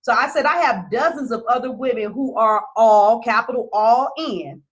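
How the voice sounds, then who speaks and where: A woman's voice: a little high, normal speed, lo-fi sound. A woman business coach talking casually to her followers, blunt and emphatic, swearing freely.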